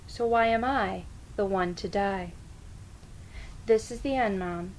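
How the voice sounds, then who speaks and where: A woman speaking as a dying youth, talking softly and slowly to Mom in a mid-pitched voice. Each "Mom" sinks lower and quieter, a mournful plea. There is a faint hiss behind the voice. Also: lightly acted, poor audio. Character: dying young person pleading with their mother. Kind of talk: dramatic poem recitation.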